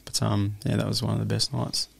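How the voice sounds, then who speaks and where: Australian guy, 30s, low gravelly voice, dry close sound; open, emotional, laughs easily. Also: little pitch movement, fairly quick, no room sound. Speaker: guest, amateur boxer. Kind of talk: casual interview chat.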